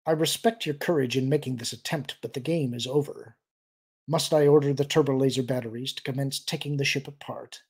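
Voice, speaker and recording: A man reading a calm, cultured grand admiral. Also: medium pitch, fairly quick, slightly rough. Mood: cold.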